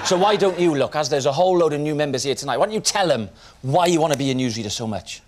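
A man playing a club compere who introduces members and prods the speaker with halting questions. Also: a little high, expressive, natural voice. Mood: prodding. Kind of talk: sketch comedy performance.

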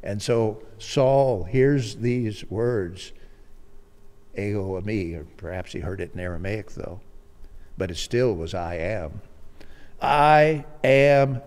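A man's voice: sits low, slow pace, dark tone, in a large hall. A man preaching a sermon, explaining scripture verse by verse and acting out the quoted voices with rising emphasis.

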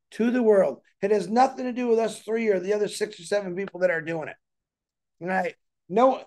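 Male host, high for a man, earnest and rambling, casual talk-show delivery. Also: darkish tone. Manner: rambling, earnest, repeats himself.

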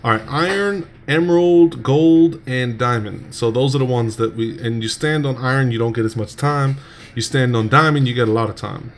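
A man's voice: medium pitch, moderate pace, a little hiss or hum. A man hosting a gaming video, chatting casually with a friend, joking and laughing often. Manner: joking, playful, laughs a lot, puts on quoted voices. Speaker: gaming channel host. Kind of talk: casual gameplay banter.

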